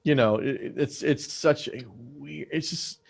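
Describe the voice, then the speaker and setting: A man's voice: fairly high pitch, measured pace, creaky, slightly rough. A man co-hosting a podcast, chatting casually in a jokey, easygoing way. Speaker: podcast co-host. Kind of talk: casual chat. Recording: dull lo-fi sound.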